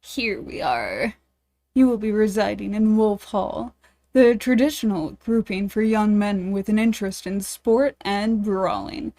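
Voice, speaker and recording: Woman streamer voicing a slow, stiff, disapproving old professor, dating-sim style. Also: mid-range voice, expressive, dark tone. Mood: stiff, formal. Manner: formal, disapproving. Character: stern older male British professor.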